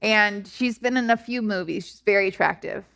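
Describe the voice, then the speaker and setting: A woman's voice: mid-range voice, normal speed, gravelly, a bit bright. A woman co-hosting a podcast in a casual comedic chat, giggly and teasing as she talks. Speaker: podcast co-host.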